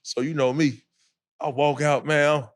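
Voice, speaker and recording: Animated man telling a story. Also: fairly high pitch, unhurried. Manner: animated storyteller, acts out quotes, laughs a lot. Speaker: podcast co-host. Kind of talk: casual storytelling.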